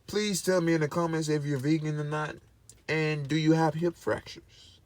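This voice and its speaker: A man's voice: a little high, steady tone, normal speed. A man vlogging in casual to-camera commentary, emphatic and preachy, repeating his points over and over.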